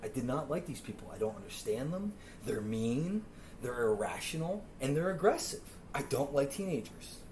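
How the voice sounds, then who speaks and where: A man's voice: mid-range voice, moderate pace, slight background noise. Profane man telling comic stories. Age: 30s. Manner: profane, exasperated, animated. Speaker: podcast host. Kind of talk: comedic storytelling monologue.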